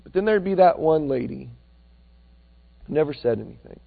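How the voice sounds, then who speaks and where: A high-voiced male preacher tells stories from the pulpit, shifting between a near-whisper and a loud push. The sound is thin and narrow, as if over a phone line. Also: moderate pace, gravelly. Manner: animated, swings between loud and hushed. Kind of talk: sermon with storytelling.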